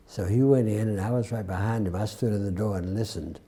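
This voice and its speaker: A man in his nineties with a Southern US accent, being interviewed and telling an unhurried story with dry humor. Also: on the low side, warm tone. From Atlanta, US South. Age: 90s. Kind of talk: recounting a war memory.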